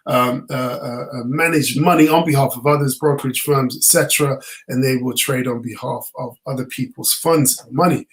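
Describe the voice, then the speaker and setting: A tired man teaching a live online trading lesson. He explains things in a relaxed way, with many fillers and restarts. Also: mid-range voice, poor audio. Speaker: trading course instructor.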